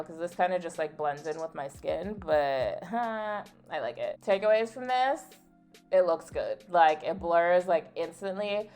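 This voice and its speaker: A young adult woman vlogging a casual get-ready-with-me chat, candid and full of "like", telling stories with playful indignation. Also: fairly low pitch. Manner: chatty and candid, peppered with "like". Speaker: beauty vlogger.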